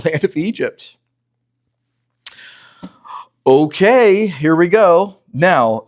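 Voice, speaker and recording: A male pastor preaching an expository sermon. He reads scripture aloud and urges listeners to look closely at each verse. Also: mid-range voice. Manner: animated teaching, urges listeners to read verses critically.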